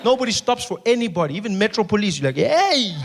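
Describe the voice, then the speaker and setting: A young man performs a stand-up set. His voice sits high and he tells stories animatedly, jumping between asides and impressions. A faint hiss sits under the recording. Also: animated, rapid-fire. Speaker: stand-up comedian. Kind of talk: stand-up routine.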